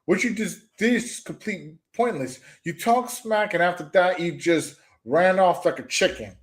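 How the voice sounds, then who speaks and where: Lively high-voiced man ranting trash talk. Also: moderate pace. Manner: trash-talking, repetitive, stumbling restarts, mocking "moo" noises. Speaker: commentary streamer. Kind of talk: ranting call-out commentary.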